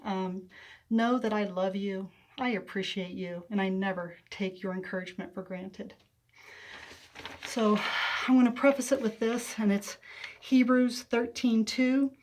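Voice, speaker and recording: Soft-spoken woman sharing a heartfelt testimony. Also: medium pitch, fairly even intonation, unhurried, slight background noise. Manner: emotional, close to tears. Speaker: faith vlogger. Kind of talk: personal testimony to viewers.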